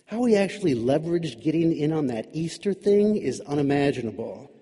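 Man, storyteller, sardonic, dramatic, husky voice, reverberant room. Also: fairly high pitch, animated, a little fast, mellow. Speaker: narrator. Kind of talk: storytelling narration.

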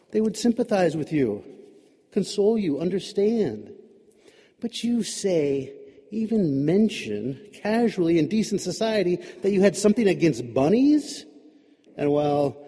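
A man tells a story with wry, sardonic drama. His voice is dark and husky, sitting a little high for a man. The recording rings with a long reverb. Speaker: narrator. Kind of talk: storytelling narration.

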